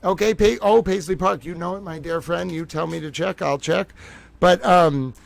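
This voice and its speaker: A man hosting a live stream, talking in a theatrical, excitable way, piling up exclamations and repeating himself. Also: high voice, moderate pace, vocal fry, no echo. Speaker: livestream host.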